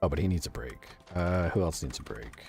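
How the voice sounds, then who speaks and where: A man's voice: low-pitched, lively intonation, brisk, vocal fry, darkish tone, slightly rough, soft background music. A man from the United States streaming a video game, chatting casually, laughing often, swearing freely and answering his chat. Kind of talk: casual live gameplay commentary.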